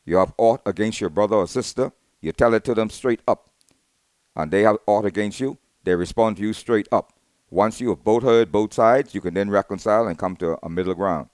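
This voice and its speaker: A Bahamian man in middle age running his own talk show with a fairly low, smooth, resonant voice. The sound is close and dry, with no room around it. He talks in an animated way, muttering low asides one moment and booming the next. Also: fairly quick, dry recording. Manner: animated, swings from low asides to loud outbursts. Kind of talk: opinionated talk radio monologue.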